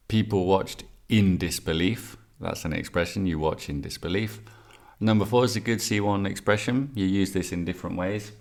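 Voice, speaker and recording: A man teaching English exam answers in a video lesson, chatty and wry, with joking asides between the answers. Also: low voice.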